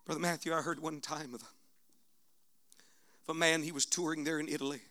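A man preaching a sermon in church, swinging between shouted exhortation and hushed prayer. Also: a little high, steady tone, moderate pace.

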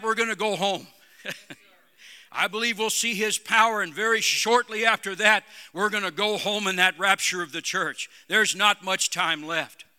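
A man's voice: high-pitched, sharp tone, smooth. A man preaching a sermon as pastor, calling out "Amen?" to his congregation. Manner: preaching with call-and-response "Amen?". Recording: long hall reverb.

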